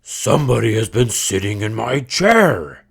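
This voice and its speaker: A man voicing a huge father bear with a rough, gruff, loud voice in a storybook read-aloud. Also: big pitch swings, a little slow, full character voice. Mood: gruff indignant. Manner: loud, booming.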